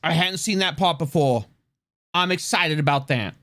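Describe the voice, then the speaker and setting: A man streaming live, reacting loudly with lots of swearing and laughter. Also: fairly high pitch, normal speed, no room sound, studio quality. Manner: loud, profane, laughing often.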